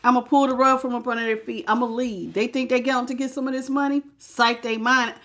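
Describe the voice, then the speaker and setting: A woman mimicking a smooth-talking, two-faced romantic partner in a coaxing, sweet-talking way. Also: a little high, fairly even intonation, brisk, fairly bright tone, lightly acted.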